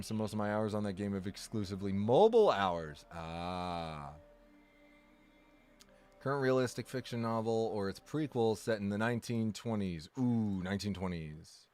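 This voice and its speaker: A man's voice: lowish voice, clear, resonant tone. Rambling, self-correcting male streamer. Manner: jokey, self-deprecating and exaggerating. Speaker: game streamer. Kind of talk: casual live-stream chat.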